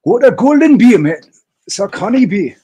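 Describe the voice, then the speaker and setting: A man putting on a boisterous Geordie man praising beer, with an exaggerated Geordie accent and a loud, high voice. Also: sing-song, moderate pace, husky, heavily acted.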